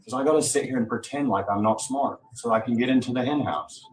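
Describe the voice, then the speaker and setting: A man's voice: medium pitch, fast talker, darkish tone. Sarcastic man taunting from afar. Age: adult. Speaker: streamer. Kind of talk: mocking rant to chat. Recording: roomy, distant mic, faint noise.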